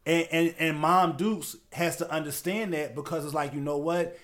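Young male podcast co-host with a slightly high voice. Loose, profane, lots of restarts and laughter. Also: fairly even intonation, normal speed, a bit bright. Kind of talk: casual podcast chat.

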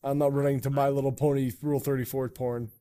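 A man's voice: mid-range voice, level tone, fast talker, dark tone. A man hosting a casual podcast chat, rambling and joking with plenty of swearing. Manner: rambling, swearing, loose and jokey. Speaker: podcast host.

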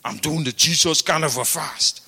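A preacher putting on a stubborn, pious young man who says the same thing over and over. The voice is high and sharp. It rings through a hall with long reverb. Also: moderate pace, vocal fry, breathy edge, heavily acted. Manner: flat insistent repetition.

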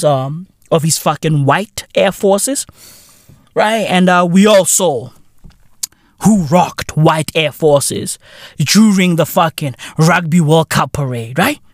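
A man in his thirties hosting a podcast, ranting loudly in a profane comedic style and peppering his lines with "right?" and "bruv". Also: on the high side, slow, dry recording, clean studio sound. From South Africa. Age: 30s. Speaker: podcast host.

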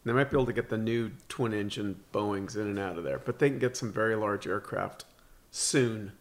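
A man chatting casually about aviation, speaking haltingly with many fillers. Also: fairly low pitch. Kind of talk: casual chat.

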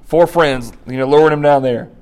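A man delivers a sermon with an animated, storytelling delivery, slipping into quoted voices and laughing now and then. His voice sits a little high for a man. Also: normal speed, smooth. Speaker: pastor.

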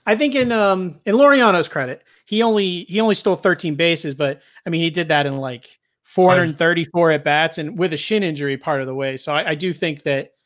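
A man's voice: on the high side, a little fast, fairly bright tone. Rambling man in fantasy baseball chat. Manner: rambling, self-correcting, hedging. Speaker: fantasy baseball podcast panelist. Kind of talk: casual chat.

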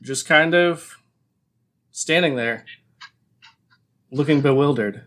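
Slow-talking male game master. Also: on the high side. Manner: relaxed, laughs along. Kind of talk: narrating a tabletop game.

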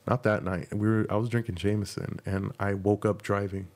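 Young man, podcast host, lowish voice, casual storytelling, swearing, rambling, self-mocking. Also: little pitch movement, fairly quick, darkish tone.

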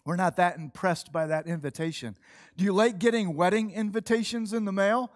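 A middle-aged male pastor, giving a conversational, earnest sermon with slow emphatic phrases. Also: high-pitched.

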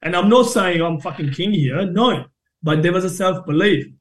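Animated Indian man telling stories. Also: sits high, normal speed, a crowd in the background. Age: 30s. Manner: animated, swears freely, acts out both sides of quoted arguments. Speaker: podcast guest, personal trainer. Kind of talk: casual interview storytelling.

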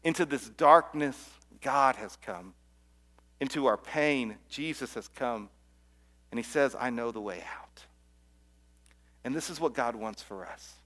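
A man's voice: mid-range voice, measured pace, fairly bright tone. A middle-aged man preaching a Christmas sermon as a pastor, earnest, often repeating words and dropping to a near-whisper at key lines.

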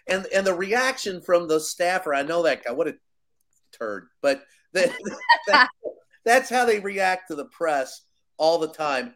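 A male journalist with a somewhat high voice, talking bluntly on a panel. He is sarcastic and scornful, laughs easily and speaks in quick bursts. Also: a bit bright. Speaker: journalist guest. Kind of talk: casual panel talk.

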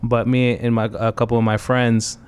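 A man's voice: medium pitch, level tone, moderate pace, a little mellow, smooth. A man being interviewed as a guest on a radio show, telling a loose story full of fillers. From New England. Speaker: guest, hip-hop event organizer.

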